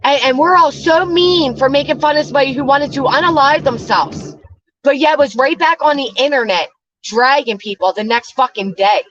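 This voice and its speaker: A woman's voice: sits high, moderate pace, a bit bright, no room sound, muffled recording. A woman hosting a drama commentary show, ranting with profane scorn. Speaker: commentary channel host.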